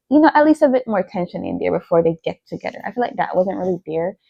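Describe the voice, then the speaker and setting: A young woman talks quickly and casually about books, her words tumbling out with plenty of "like" and "you know". Her voice sits in a middle register and is recorded dry and close, with no room sound. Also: medium pitch, darkish tone, no room sound, highs cut off. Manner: chatty, lots of "like" and "you know". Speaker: book vlogger.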